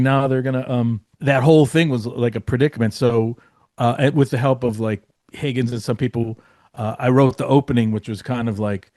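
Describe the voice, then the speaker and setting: A man spins a loose, rambling backstage story, stuffed with "like" and "you know" and the odd curse. His voice sits at an ordinary middle pitch. The recording is dry and close, with no room sound. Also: steady tone, a little fast, warm tone, no echo. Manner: rambling, many fillers and restarts, swearing. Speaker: guest writer. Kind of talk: casual storytelling.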